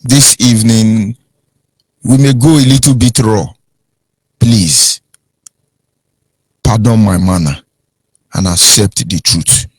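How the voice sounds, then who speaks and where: Slow and full of long pauses, a husky man with a Nigerian accent hosts a radio talk show, preaching emphatically as his voice moves from low and grave to high and heated. There's no room sound in the recording.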